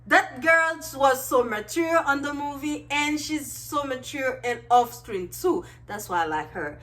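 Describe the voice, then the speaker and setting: A woman's voice: sits high, unhurried. Bubbly young woman gushing about a movie. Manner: gushing, animated, many fillers and exclamations. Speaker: vlogger reviewing a movie. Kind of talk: excited casual movie review.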